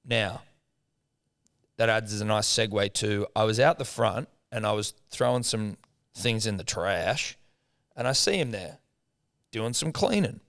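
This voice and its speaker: A man's voice: lowish voice, a little slow, long pauses. Profane Australian man telling stories. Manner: animated, profane storytelling with acted quotes. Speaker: podcast co-host. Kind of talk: casual comedic chat.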